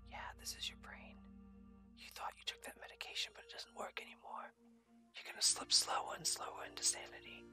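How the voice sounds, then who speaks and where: A woman's voice: a little fast, over music, lightly acted. A woman voicing a taunting, sinister inner voice in whispered role-play. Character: creepy whispering inner voice of the mind.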